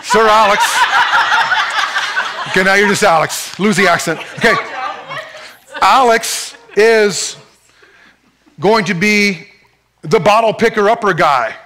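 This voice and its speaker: A man preaches at a church service in a high, bright voice. He is playful and animated, joking with a volunteer as he demonstrates his points. His tone is clear and forceful. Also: a little slow, long pauses. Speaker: pastor. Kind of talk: sermon.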